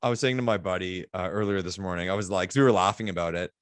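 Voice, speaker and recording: A man co-hosting a casual sports podcast, telling stories in an excitable, animated way. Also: deep voice, racing, no room sound. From Canada. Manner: excitable, animated storytelling with laughs. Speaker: podcast co-host.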